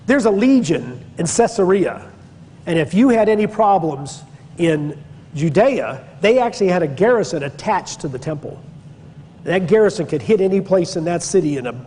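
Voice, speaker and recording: A man's voice: high voice, animated, moderate pace, mellow, a little hiss or hum. Man lecturing in an echoing hall. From Pennsylvania, USA. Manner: conversational and digressive, with emphatic stresses. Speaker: church history teacher. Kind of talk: classroom-style Bible lecture.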